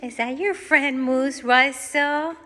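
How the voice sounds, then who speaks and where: A woman's voice: sits high, slow pace, pushed and bright, low-quality recording. A woman filming a casual home video on a handheld phone, coaxing her pets and a baby in sing-song baby talk. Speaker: family pet-monkey vlogger.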